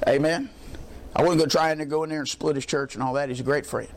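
High-voiced folksy preacher man. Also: steady tone, fast, slight background noise. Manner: folksy, emphatic storytelling with repetition. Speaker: pastor. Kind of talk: sermon.

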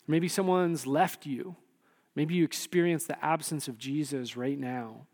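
A man with a high voice preaches a sermon in a casual, animated way. He swings from loud to hushed when he voices quotes. The sound carries a long reverb, as in a large hall. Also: normal speed. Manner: conversational, animated, voices quotes with sudden shifts in loudness. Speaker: pastor.

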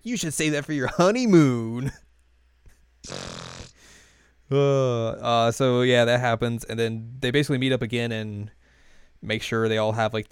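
Man, casual co-host, smooth clear voice, dry close sound, rambling recap style. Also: on the low side, no room sound. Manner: loose and rambling, many fillers and quick quoted voices, laughs often. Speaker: podcast co-host recapping an anime episode. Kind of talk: casual chat.

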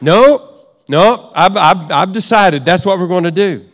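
A man's voice: sits high, measured pace, a bit bright, long reverb tail. A man preaching and quoting a headstrong husband in a raised, emphatic voice. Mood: insistent. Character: stubborn young husband, abrupt and cheerful.

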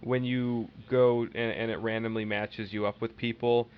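A man's voice: medium pitch, flat delivery, moderate pace, smooth. A man co-hosting a casual podcast chat, rambling and using many fillers. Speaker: podcast co-host. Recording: dull lo-fi audio with faint hiss.

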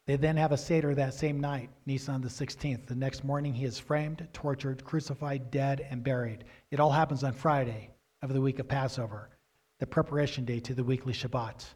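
A man preaching a sermon, asking questions and answering them himself, building to loud, emphatic stresses. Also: steady tone, fairly quick. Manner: grows loud and emphatic, rising pitch when stressing points.

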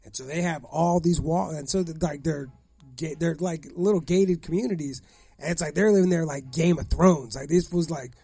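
A man's voice: on the high side, normal speed, creaky, warm tone, slightly rough, no room sound. A young man from the Los Angeles area telling a profane story in casual chat, acting out voices. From Gardena, Los Angeles area.

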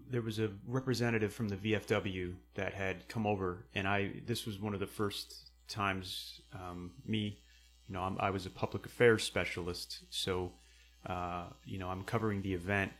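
A young man telling stories in casual conversation, rambling with many fillers and acting out quotes loudly. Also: fairly low pitch.

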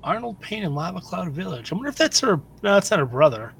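A man with a notably high voice questions a character during a tabletop game. He talks casually and rambles, restarting his questions mid-sentence. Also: very animated, quick pace, gravelly, a bit bright, husky. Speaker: player.

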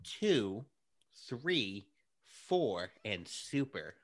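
A man's voice: lowish voice, sing-song, drawn-out words. A man running a comedic tabletop role-playing game as game master, speaking in a mock-officious way.

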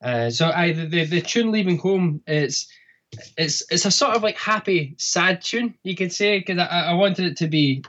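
A Scottish man from a bagpipe band, answering interview questions in a halting way with many restarts. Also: high-pitched, animated, fairly bright tone. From Scotland. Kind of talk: casual interview. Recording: muffled lo-fi line.

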